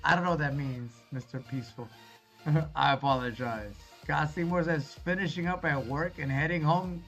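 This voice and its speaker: A man's voice: a little high, normal speed, a bit bright. Laid-back male streamer reading chat. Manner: laid-back, reassuring, calls viewers brother. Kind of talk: casual livestream chat. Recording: dull lo-fi stream audio with faint music.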